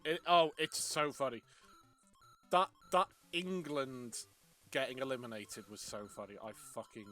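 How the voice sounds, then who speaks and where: A man's voice: mid-range voice, fairly even intonation, a little slow, pushed and bright, faint music behind. A young Welshman chatting casually while streaming a game, rambling with many restarts and laughs. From Wales.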